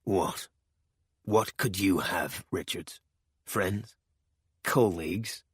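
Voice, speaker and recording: A man voicing a ruthless spymaster who talks quietly and with cold contempt. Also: deep voice, extremely slow, husky, no echo, studio quality, exaggerated voice.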